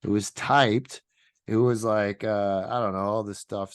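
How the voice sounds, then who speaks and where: A man, a comedian co-hosting a podcast, telling stories loosely with quick asides. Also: fairly low pitch, steady tone, clear, resonant tone, dry recording, clean studio sound. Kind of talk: casual podcast chat.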